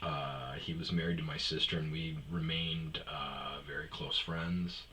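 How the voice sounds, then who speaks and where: A man's voice: rumbling low, steady tone, a little slow, sharp tone, slight background noise. A middle-aged man hosting a podcast, telling rambling, profane comic stories and acting out the lines of the people in them. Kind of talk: casual comedic storytelling.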